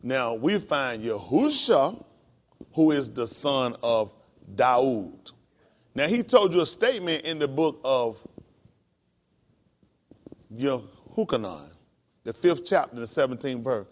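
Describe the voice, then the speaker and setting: A male pastor preaching a sermon. He calls out to the congregation and climbs into high, emphatic, drawn-out lines. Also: big pitch swings. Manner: calls to the congregation with "come on" and "y'all".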